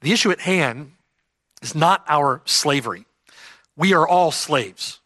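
A man's voice: fairly high pitch, lively intonation, unhurried, bright, forceful tone, no echo. A man preaching an expository sermon, emphatic and repeating key phrases for stress. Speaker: pastor.

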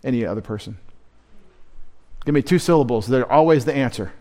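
A man's voice: medium pitch, a little fast, dark tone. A man preaching a midweek sermon as pastor, emphatic, asking rhetorical questions and quoting scripture.

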